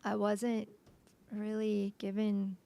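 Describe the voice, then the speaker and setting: Woman on a podcast telling her story, bit of vocal fry, hesitant, slips into whispering a lot. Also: mid-range voice, monotone. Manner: halting, emotional retelling with frequent restarts; often drops to a soft whisper. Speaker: podcast guest. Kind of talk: personal storytelling interview.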